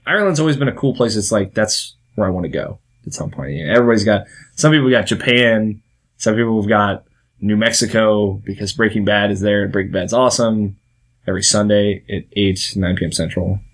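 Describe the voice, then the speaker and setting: A man's voice: lowish voice, a little fast. A young American man hosting a casual talk vlog, rambling and interrupting himself with little laughs. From United States. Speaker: vlog host.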